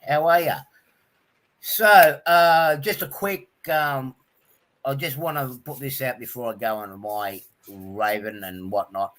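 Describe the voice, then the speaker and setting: A man's voice: medium pitch, fairly even intonation, unhurried, fairly bright tone. An Australian man hosting a casual livestream, chatting loosely and greeting viewers one by one with lots of ums. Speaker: livestream host.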